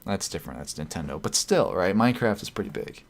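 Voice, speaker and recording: A man's voice: deep voice, lively intonation, quick pace, creaky. A man streaming live, chatting casually and reading out viewer comments, rambling and correcting himself. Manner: rambling, self-correcting, chuckles often.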